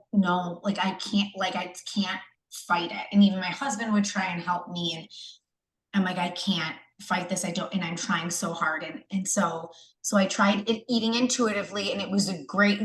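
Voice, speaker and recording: A woman's voice: mid-range voice, a bit bright, reverberant, poor audio. A pregnant young woman from the United States, a coaching client, talking emotionally and rambling with many fillers and restarts. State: pregnant, third trimester. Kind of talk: candid video-call testimonial.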